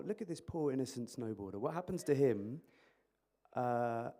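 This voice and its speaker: A man speaking as an emergency clinician at a conference, joking and quizzing the audience through a microphone. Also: fairly high pitch. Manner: animated, jokey, quizzing the audience. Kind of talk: interactive conference talk. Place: conference hall.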